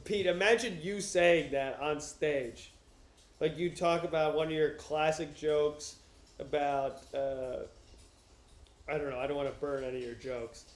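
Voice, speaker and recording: A young man streaming from his couch, joking loudly and swearing as he chats with viewers and reads aloud. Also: a little high, steady tone, a little slow, roomy sound. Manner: loud, profane, joking. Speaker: streamer reading to chat. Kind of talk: casual livestream chat and reading aloud. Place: home, on a couch. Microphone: wearing headphones.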